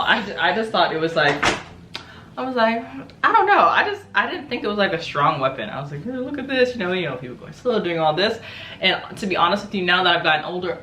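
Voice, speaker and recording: Low-pitched American woman, relaxed and rambling, recorded in a roomy space. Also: slight background noise. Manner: chatty, laughing, many fillers and restarts. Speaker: martial arts vlogger. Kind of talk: casual show-and-tell vlog.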